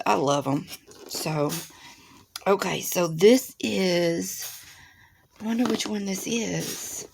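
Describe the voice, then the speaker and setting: A woman's voice: medium pitch, creaky, a little hiss or hum. A woman, chatting to her viewers while unboxing crafts at her desk at home, gushing and exclaiming as she goes. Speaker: craft channel host. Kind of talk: casual unboxing chat to viewers. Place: home room with a desk by a window.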